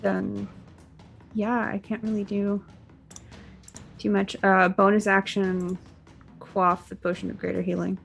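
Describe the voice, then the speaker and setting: A woman's voice: mid-range voice, little pitch movement, measured pace, vocal fry, long pauses, faint music behind. A woman playing a tabletop game, declaring her turn with hesitant fillers. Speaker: player.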